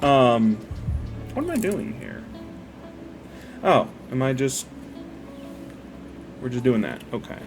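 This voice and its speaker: A man talks in a loose, rambling way as he works on a build, dropping curse words and drifting off mid-thought. His voice sits at an ordinary middle pitch. Soft music plays faintly behind him. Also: very animated, takes it slowly, long pauses. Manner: meandering, profane, easily distracted by the build. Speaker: model builder retelling a parable. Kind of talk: casual rambling chat while building.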